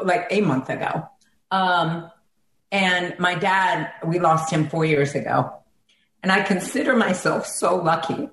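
Middle-aged woman guest, heartfelt and reminiscing, kinda echoey room, faint noise behind. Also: fairly low pitch. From South Carolina, USA. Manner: heartfelt, reminiscing, gets emotional. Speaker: guest, singer and ring announcer. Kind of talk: conversational interview.

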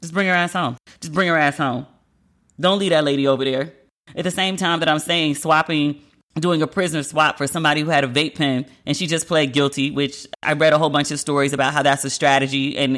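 A woman's voice: low-pitched, a bit bright. A woman hosting a podcast, giving casual news commentary in a candid, rambling way with frequent asides. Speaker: podcast host.

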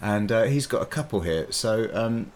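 A man's voice: fairly low pitch, moderate pace. A man co-hosting a comedy podcast, chatting casually and animatedly. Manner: chatty, animated, loose with fillers like "like". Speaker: podcast co-host.

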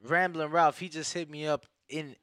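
A man's voice: a little high, steady tone, normal speed, a bit bright, no echo. Slangy young male co-host, dry sound. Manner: slangy, says "bro" a lot, stumbling restarts. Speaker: podcast co-host. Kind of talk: casual chat.

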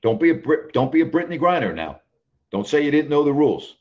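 A man's voice: fairly high pitch, big pitch swings, fast, highs cut off. A man hosting a call-in sports talk show, talking emphatically, often repeating himself and checking in with "all right?".

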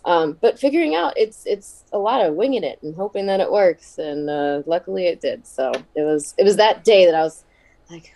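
Low, mellow-voiced woman telling stories. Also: expressive, moderate pace, gravelly. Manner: chatty, laughs often, acts out quoted voices. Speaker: guest. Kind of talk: casual podcast interview storytelling.

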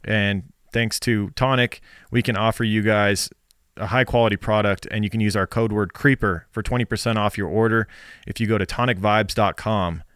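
A man co-hosting a podcast, talking loosely with plenty of ums and restarts. His voice sits on the low side and sounds smooth and resonant. The sound is dry and close. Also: no room sound. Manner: relaxed, rambling, with fillers and restarts. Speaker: podcast co-host. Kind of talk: casual chat with sponsor reads.

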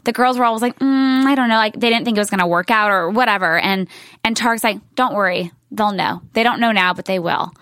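A woman's voice: mid-range voice, quick pace, a bit bright, no room sound, studio quality. A woman in her thirties chatting as a podcast guest, telling a story with lots of "like"s. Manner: gushing, storytelling with many "like"s. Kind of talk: casual chat.

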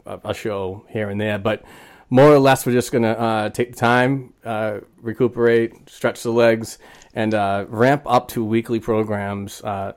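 A man hosting a hockey podcast, telling stories in casual chat with lots of fillers. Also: on the low side. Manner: animated storyteller, frequent fillers. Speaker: podcast host.

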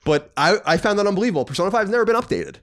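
A man's voice: high voice, very fast. A man co-hosting a gaming podcast, chatting casually and running through news with strong opinions. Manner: animated, opinionated, swears casually. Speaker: podcast co-host. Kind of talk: casual chat and news rundown.

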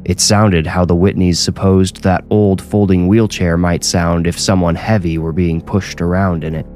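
Deep-voiced man narrating a horror story. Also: little pitch movement, moderate pace, darkish tone, soft background music. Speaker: author and narrator.

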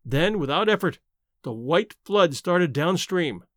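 Expressive man narrating a classic story. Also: a little high, unhurried, no room sound, clean studio sound. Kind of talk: scripted audiobook narration.

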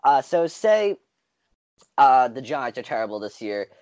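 A man's voice: medium pitch, sing-song, unhurried, a little mellow. A man co-hosting a podcast in casual sports chat, explaining his points at length, one by one. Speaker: podcast co-host. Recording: dull lo-fi mic.

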